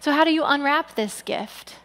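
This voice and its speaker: A woman pastor giving a sermon in an animated way, acting out quoted people with big jumps in pitch. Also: moderate pace. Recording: long hall reverb.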